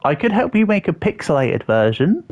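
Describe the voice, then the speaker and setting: A man's voice: on the high side, sing-song, moderate pace, a little mellow. A young man livestreaming a building game, chatting casually and answering viewers with self-deprecating jokes. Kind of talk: casual gaming livestream chat. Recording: slightly dull audio with faint background music.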